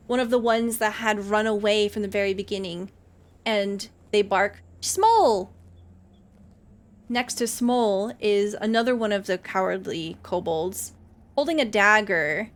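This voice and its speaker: A woman narrating as game master in a tabletop game, describing scenes slowly and in detail. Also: medium pitch.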